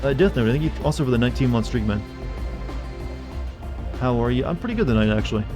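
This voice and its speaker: A man streaming a video game who chats with his viewers in a quick, rambling, self-deprecating way. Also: mid-range voice, animated, music in the background. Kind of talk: casual live-stream commentary.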